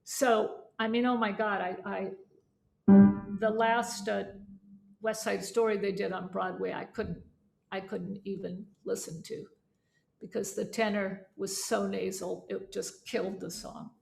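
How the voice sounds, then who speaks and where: A woman's voice: medium pitch, steady tone, a little slow, creaky, faint music behind. A woman teaching a voice lesson, coaching students through exercises and demonstrating sounds aloud. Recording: echoey room with faint instrument.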